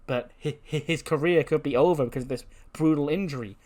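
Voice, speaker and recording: A man's voice: a little high, fast talker, a little mellow, close to an everyday voice. A man voicing a self-important female wrestler who complains in a whiny, exasperated way. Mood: whining.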